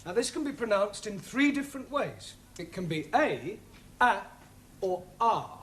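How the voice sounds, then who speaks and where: An actor playing a patient, wry male English teacher who explains things slowly. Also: high-pitched, expressive, slight background noise.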